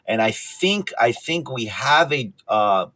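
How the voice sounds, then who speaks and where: A man's voice: mid-range voice, very animated, takes it slowly, pushed and bright. A man hosting a podcast over a video call, chatting casually and enthusiastically plugging his guest while sounding overworked. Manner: enthusiastic, rambling, promotional. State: tired, overworked. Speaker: podcast host.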